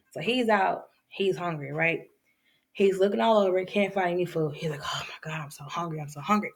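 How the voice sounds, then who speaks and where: A woman teacher telling children's fables in an animated storytelling lesson, acting out the characters with big jumps in her voice. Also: medium pitch.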